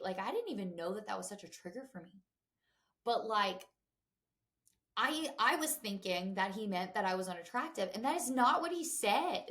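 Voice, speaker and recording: A woman's voice: mid-range voice, animated, moderate pace, fairly bright tone. Young woman podcast host, lilt, candid and chatty, mid-range voice. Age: 20s. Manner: chatty and candid, lots of fillers and asides to listeners. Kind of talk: casual chat.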